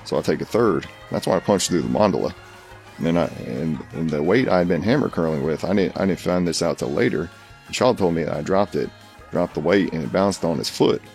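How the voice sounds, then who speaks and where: A man doing a raspy old wrestler. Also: deep voice, lively intonation, a little fast, darkish tone, faint music behind. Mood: rambling. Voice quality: raspy, gravelly. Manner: rambling tall tale full of restarts and laughter. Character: brash raspy older male pro wrestler, rambling boastful. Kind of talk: comedic impression monologue.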